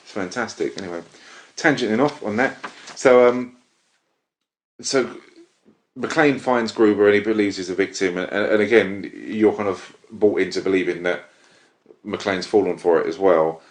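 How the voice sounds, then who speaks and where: Male podcast host, very low voice, rambling chatter, echoey room. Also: moderate pace. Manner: rambling, self-interrupting, enthusiastic. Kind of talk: casual film review chat. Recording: roomy echo.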